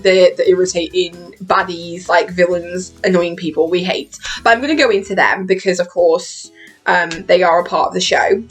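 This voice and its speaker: Young British woman vlogger with a British accent, chatty, laughs a lot, swears casually; mid-pitched voice, soft music under it. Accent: British English. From Britain. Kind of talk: casual chat about a TV show.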